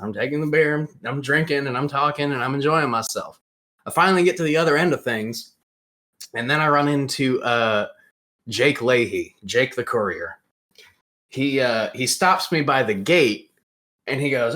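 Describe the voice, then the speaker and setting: A man's voice: mid-range voice, normal speed. Young guy, podcast host, chatty storyteller who acts out every line he quotes. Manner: animated storyteller, acts out quoted voices loudly. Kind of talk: casual storytelling chat.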